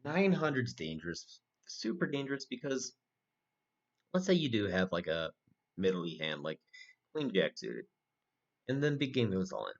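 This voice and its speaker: A man's voice: fairly low pitch, big pitch swings, normal speed, creaky, long pauses. A man casually commentating a replay of his own poker tournament, rambling with lots of fillers and restarts. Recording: dull, slightly muffled recording with faint noise.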